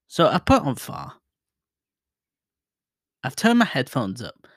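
A man in his thirties hosting a casual solo podcast, rambling and self-deprecating, with sudden loud bursts, talking into a mic set about a foot away at home. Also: mid-range voice, huge pitch swings, takes it slowly, long pauses, dry recording, studio quality. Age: 30s. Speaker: podcast host. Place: home room, alone. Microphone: desk mic set to far mode, about a foot away.

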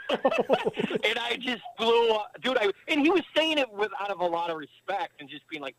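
A man's voice: high-pitched, big pitch swings, moderate pace, vocal fry, a bit bright, a little hiss or hum, rough recording. A man as a podcast guest, telling rambling stories in casual chat, swearing a lot and leaning on filler words, calling in remotely while driving. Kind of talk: casual storytelling. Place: driving in a car.

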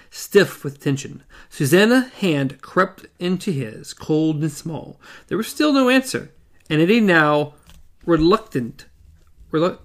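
A man reading a novel aloud in a casual way, with asides and self-corrections. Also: on the high side. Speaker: reader.

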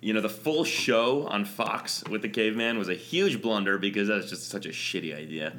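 A man's voice: lowish voice, normal speed, a bit bright, slight background noise. A man hosting a casual comedy podcast, crude and swinging into mock-announcer showmanship. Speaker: podcast host.

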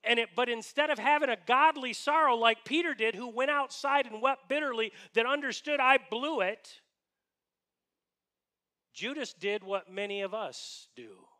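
A man's voice: extremely high pitch, moderate pace, few pauses, sharp tone. A man preaching a sermon as pastor, earnest and emphatic, often asking his listeners rhetorical questions.

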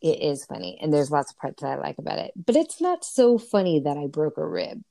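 A woman co-host talks through a movie with a friend, chiming in on the plot. Her voice is very low, gravelly and mellow, recorded close and dry. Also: sing-song, fairly quick, dry recording. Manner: conversational, chiming in and finishing points. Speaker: podcast co-host. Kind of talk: casual chat.

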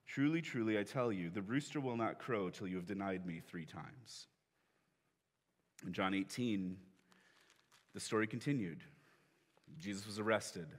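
A man's voice: lowish voice, lively intonation, a little slow, long pauses, in a large hall. A man preaching a sermon as pastor, telling the story conversationally and acting out the quoted lines. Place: church sanctuary.

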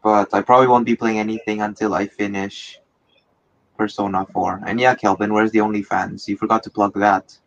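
A man co-hosting a casual podcast, teasing the others in a deadpan way. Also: fairly low pitch, a little fast, vocal fry. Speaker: podcast co-host. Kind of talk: casual chat. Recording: dull lo-fi call audio.

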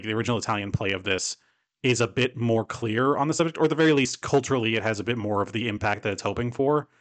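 A man's voice: mid-range voice, fairly bright tone. A man co-hosting a podcast, chatting casually about films in a rambling way, full of "like" and casual swearing. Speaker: podcast co-host. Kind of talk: casual film discussion.

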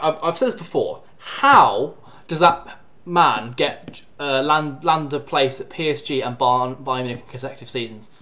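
Lively man hosting a podcast. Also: mid-range voice. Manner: lively, joking, swears casually. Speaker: podcast co-host. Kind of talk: casual football podcast chat.

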